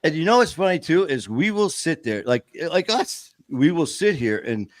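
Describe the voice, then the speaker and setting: A man hosting a podcast, telling stories in a casual, animated way and laughing often. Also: a little high, moderate pace, dry recording. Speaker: podcast host. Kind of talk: casual chat.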